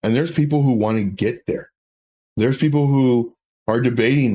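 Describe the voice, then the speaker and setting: A man's voice: medium pitch, moderate pace, mellow, a little hiss or hum. A man doing a casual livestream, rambling through chart talk and personal stories as a crypto trading educator.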